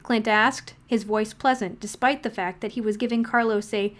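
A woman narrating a fan-fiction story aloud in a steady, wry storytelling manner. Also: mid-range voice, moderate pace, hardly any pauses. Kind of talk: audiobook fan-fiction reading.

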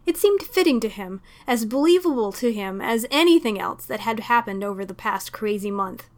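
A woman narrating a story aloud in a steady, expressive storytelling manner. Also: a little high, normal speed. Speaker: reader. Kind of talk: audiobook fan fiction reading.

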